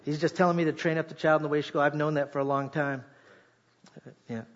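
A man preaching a sermon, animated and jokey, talking directly to a congregation and leading them in call-and-response. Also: a little high, fast talker, muffled recording. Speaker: pastor.

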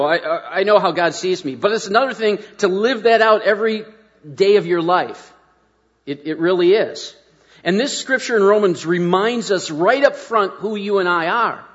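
A man's voice: high-pitched, fairly bright tone. A middle-aged man preaching a sermon in a folksy, self-deprecating, conversational way, often restarting his sentences. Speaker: pastor. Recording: muffled sound with long hall reverb.

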